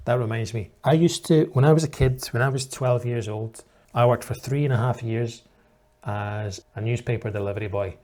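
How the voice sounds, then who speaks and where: A man's voice: medium pitch, moderate pace, darkish tone. A man in the role of an English teacher, giving reaction commentary for learners in a patient, explanatory way.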